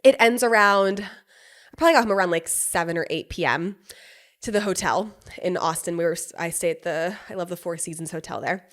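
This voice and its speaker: A young woman tells a personal story on her own podcast in a loose, chatty way. She laughs often, swears freely and slips into quick impressions of the people she quotes. Her voice sits in an ordinary mid range. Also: mid-range voice. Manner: animated, laughing often, swearing, quoting others in reenacted voices. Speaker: podcast host. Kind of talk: casual storytelling monologue.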